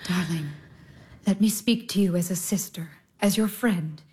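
An actress playing a gentle elder sister who consoles her sibling in a soothing, soft voice that at times drops to a whisper. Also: high voice, expressive, measured pace, husky, heavily acted. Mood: gentle advice. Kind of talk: stage drama acting.

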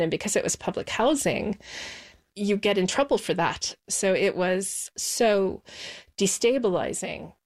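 Reflective woman recalling her childhood. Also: mid-range voice. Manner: measured and reflective, slowing on key words. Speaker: interview guest. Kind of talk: personal recollection in an interview.

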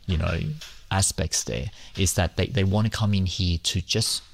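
A man from Hong Kong, a school teacher, answering interview questions hesitantly with many pauses and fillers. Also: sits low, steady tone, creaky, a little hiss or hum.

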